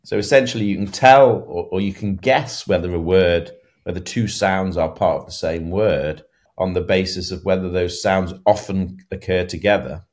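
Deep-voiced man explaining as an expert. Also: normal speed. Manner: thoughtful, explanatory, with restarts. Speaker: guest expert. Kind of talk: interview answers.

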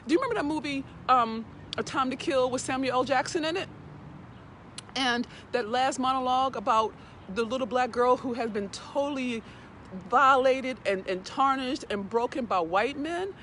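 A woman's voice: sits high, normal speed, fairly bright tone. Emotional lady talking into her phone on a walk, earnest, stumbles over words, faint street noise behind. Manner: earnest and heartfelt, repeating words as she gathers herself. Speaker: host. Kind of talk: casual direct-to-camera talk. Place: outdoors on a morning walk.

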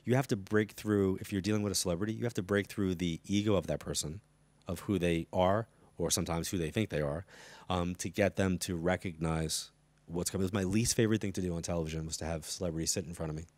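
A middle-aged man, a psychic medium guest, telling anecdotes in an animated way and acting out the dialogue, in a studio interview before a live audience. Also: low-pitched, fast talker, dry recording. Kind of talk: storytelling interview chat.

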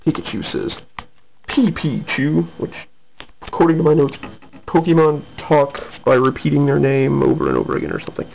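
A man casually reads his own comic aloud, drifting into rambling asides. His voice is fairly high and gravelly. It comes through tinny and phone-like. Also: fairly even intonation, a little fast, slight background noise.

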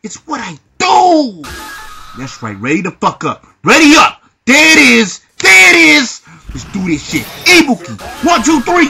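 Shouting, trash-talking gamer man, high voice. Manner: loud trash-talking, frequent shouting and profanity. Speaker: gamer commentating own matches. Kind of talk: hyped gameplay commentary. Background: fighting game music.

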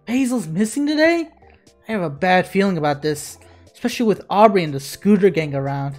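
A woman voicing an energetic, easygoing teenage boy who talks with casual slang. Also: on the low side, a little fast, soft background music, pitched below the performer's own voice, lightly acted. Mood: concerned.

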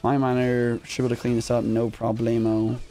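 A young man commentating his own live gameplay in casual slang, excitable and quick to yelp when rattled. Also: medium pitch. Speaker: gaming streamer. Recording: music underneath.

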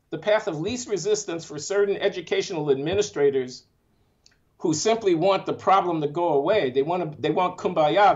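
A man's voice: fairly high pitch, moderate pace, highs cut off. An older man, an economics professor, answering interview questions emphatically, with building repetition and open feeling.

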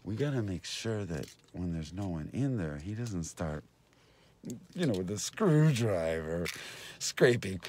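A man's voice: low voice, sing-song, unhurried, a little mellow, a little hiss or hum. A man hosting a casual, rambling vlog, meandering between talking to viewers and to people nearby. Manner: meandering, talks to viewers and passersby. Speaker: vlogger and host.

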